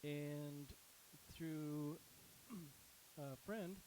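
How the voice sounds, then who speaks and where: A middle-aged man answering on a panel, measured and unhurried. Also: a little high, mellow, slight background noise, poor audio. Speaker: startup co-founder, guest.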